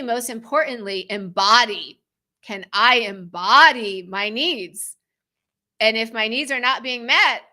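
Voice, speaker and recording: Woman self-love coach, slow deliberate delivery, bright tone, earnest, repeats phrases. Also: a little high. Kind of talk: guided self-help talk.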